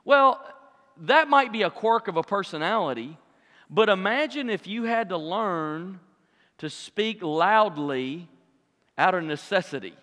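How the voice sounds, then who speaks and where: A man with a very high, bright voice preaches a sermon in a church sanctuary. His delivery is dramatic, rising into loud acted-out cries and dropping into hushed asides. A long hall reverb trails every phrase. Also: expressive, measured pace. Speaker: pastor.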